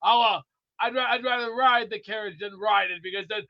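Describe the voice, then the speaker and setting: A man calling in to a sports show, rambling jokily with sudden loud outbursts. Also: high-pitched, brisk, dry recording, muffled recording. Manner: rambling, jokey storyteller with sudden loud bursts. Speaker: caller. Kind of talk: rambling call-in chat.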